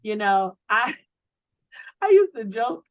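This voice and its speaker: A woman running a sales training on a video call, coaching with lively, preachy energy and lots of rhetorical questions. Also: a little high, slow pace, no echo, poor audio. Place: home office.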